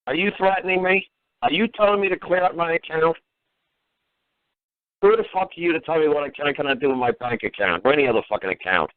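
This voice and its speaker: A man's voice: on the high side, fast talker, no echo. A man hosting a call-in talk show, scolding a caller in a profane, sarcastic way. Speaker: host. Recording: phone-quality radio audio.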